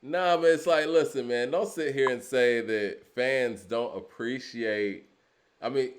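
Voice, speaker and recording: A man co-hosts a casual talk podcast in a relaxed, agreeable way. His voice is mid-pitched and easygoing. He reads out quotes between his own comments. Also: unhurried. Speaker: podcast co-host. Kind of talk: casual debate.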